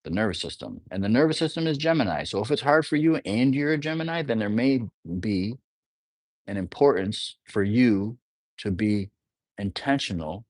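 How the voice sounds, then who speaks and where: A man's voice: fairly low pitch, dry recording. A man talking through astrology in a casual, rambling monologue, often checking in with the listener. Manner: rambling, conversational, often asks "you know what I'm saying". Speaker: astrology teacher.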